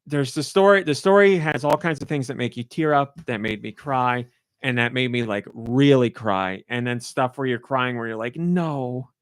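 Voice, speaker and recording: A man's voice: mid-range voice, moderate pace, clean tone, no room sound, studio quality. A man co-hosting a podcast and talking about a game he reviewed in casual, rambling chat, full of "like" and restarts. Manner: rambling and effusive, heavy use of "like".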